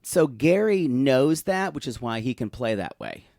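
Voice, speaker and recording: A man's voice: medium pitch, big pitch swings, darkish tone, dry recording, clean studio sound. A man co-hosting a podcast, chatting casually and rambling with many restarts. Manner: rambling, restarts often, does quick impressions. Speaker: podcast co-host. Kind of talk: casual recap chat.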